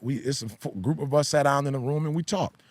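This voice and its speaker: A man's voice: medium pitch, fast, no echo. Emphatic preacher man, dry close mic. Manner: emphatic, repeats key phrases like a preacher. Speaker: pastor and podcast host. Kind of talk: casual podcast discussion.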